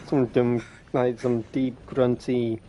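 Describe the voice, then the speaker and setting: A man's voice: medium pitch, dark tone, slight background noise. A young man rambling casually over gameplay on a headset mic, chatty, laughing often and swearing. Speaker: game streamer. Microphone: gaming headset.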